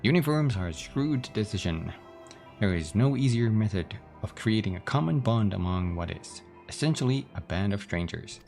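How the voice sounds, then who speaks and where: A man's voice: on the low side, lively intonation, moderate pace, creaky, a little mellow, soft background music. A man voicing a proud, formal noble captain with stately phrasing.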